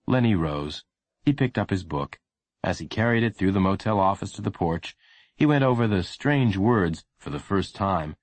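A man reading a children's story aloud in a low voice that rises and falls expressively. The sound is close and dry, with no room around it. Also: animated, moderate pace, dry recording. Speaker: narrator. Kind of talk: audiobook narration.

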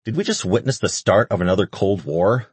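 A man's voice: on the low side, expressive, a little fast, darkish tone, husky, dry recording. A man voicing a blunt, profane male guard who barks out his words urgently. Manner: urgent, barking.

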